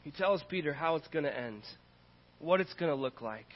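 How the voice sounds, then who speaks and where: A man's voice: fairly high pitch, expressive, moderate pace. A man preaching a sermon as pastor, earnest and repetitive in his cadence. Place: church sanctuary. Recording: dull audio in a reverberant hall.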